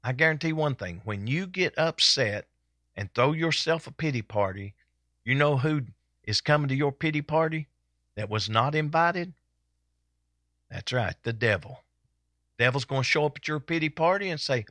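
A man's voice: fairly high pitch, animated, normal speed, pushed and bright, dry recording. Fervent folksy preacher man. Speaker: pastor. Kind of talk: sermon. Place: church service.

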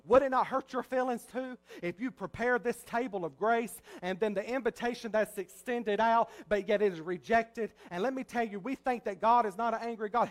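A male pastor preaching a sermon, swinging between soft, low passages and loud, rising ones.

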